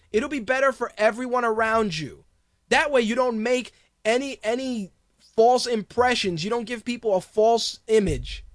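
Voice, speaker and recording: A man's voice: extremely high pitch, a bit bright, no room sound, clean studio sound. A man hosting a podcast, ranting bluntly and crudely in a heated, profane monologue. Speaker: podcast host.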